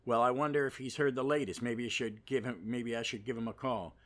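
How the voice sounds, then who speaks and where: A man's voice: mid-range voice, fairly even intonation, fairly quick, close to an everyday voice. A man reading a worried young sister. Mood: urgent. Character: worried young woman pleading about her brother.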